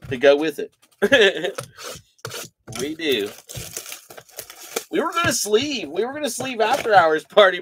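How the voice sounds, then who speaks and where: A man hosting a live trading card break, calling out player names and giving energetic, slangy shout-outs to buyers. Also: high-pitched, a little hiss or hum.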